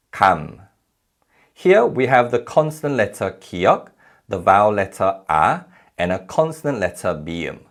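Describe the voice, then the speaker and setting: A male teacher giving a recorded lecture, with a fairly low, gravelly voice. His pitch moves a lot as he explains, and he repeats example sounds with care. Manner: clear, measured explanation with spoken examples. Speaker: language teacher.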